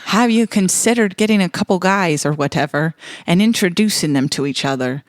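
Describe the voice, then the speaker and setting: A woman's voice: lowish voice, expressive, a little fast, no echo, studio quality, lightly acted. Woman doing a clumsy fake Irish man. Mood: reading. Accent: put-on Irish, done badly. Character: male letter writer read in a bad Irish accent.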